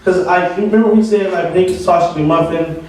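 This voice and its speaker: Stand-up comic, male, higher voice, rambling rants; echoey room, mic at a distance, crowd audible. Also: fairly even intonation, fairly quick, darkish tone. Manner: rambling, ranting storytelling. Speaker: open mic comedian. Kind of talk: stand-up comedy. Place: open mic venue with audience. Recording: echoey room from far off, audience.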